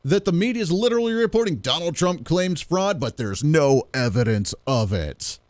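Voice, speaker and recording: A man hosting his own show, telling stories in a casual, animated way and acting out the voices of others. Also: fairly high pitch, moderate pace, over loud music. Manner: animated storyteller, acts out quoted voices. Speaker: podcast host. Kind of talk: casual monologue.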